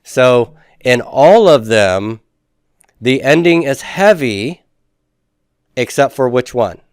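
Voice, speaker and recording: A man's voice: medium pitch, animated, takes it slowly, smooth, dry recording, studio quality. A man teaching a Hebrew grammar class, patiently asking students questions and confirming their answers.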